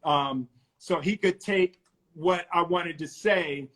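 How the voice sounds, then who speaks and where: A middle-aged man from Philadelphia, a guest telling animated stories over a casual live video call and laughing often. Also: on the high side, takes it slowly.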